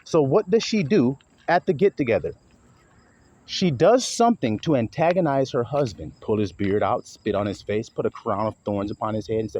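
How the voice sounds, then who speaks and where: A man's voice: mid-range voice, expressive, moderate pace, a little mellow. A man giving a blunt, emphatic preaching monologue, often acting out quotes and swearing freely. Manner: emphatic, swings into acted quotes, blunt and profane. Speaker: online preacher. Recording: dull lo-fi recording with faint hiss.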